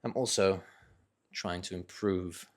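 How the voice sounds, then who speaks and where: A young man with a low voice that stays fairly flat, speaking in a casual vlog. He muses in a thoughtful, hesitant way, with pauses and restarts as he works out what he means. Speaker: vlogger. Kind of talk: casual reflective talk to camera.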